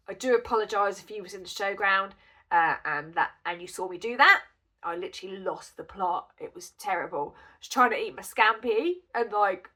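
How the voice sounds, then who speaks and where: Bright-voiced chatty woman with a cold. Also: medium pitch. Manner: chatty, giggly, rambling storytelling. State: has a cold and cough. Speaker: crochet vlogger. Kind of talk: casual storytelling vlog.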